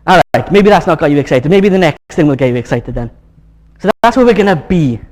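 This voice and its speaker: A man preaching a casual, joking sermon at his church, chatty and coaxing the congregation to get excited. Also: a little high, fast. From Wales. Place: church hall.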